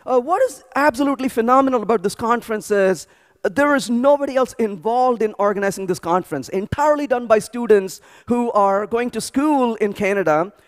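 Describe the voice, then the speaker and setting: A man speaking at a programming conference, telling animated stories with frequent restarts and repeated words. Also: very high-pitched, a little fast. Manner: animated storytelling with many restarts. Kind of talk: energetic tech conference talk. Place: large conference hall.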